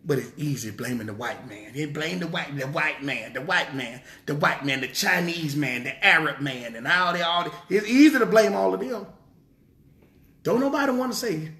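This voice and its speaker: A man's voice: fairly high pitch, very animated, a little slow, gravelly, pauses often, sharp tone. A man preaching a sermon in an emphatic style, repeating rhetorical questions. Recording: roomy echo.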